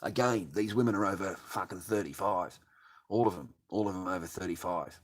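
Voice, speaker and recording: A man's voice: low voice, fairly quick. An older man hosting a late-night livestream, ranting crudely and swearing constantly. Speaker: livestream host.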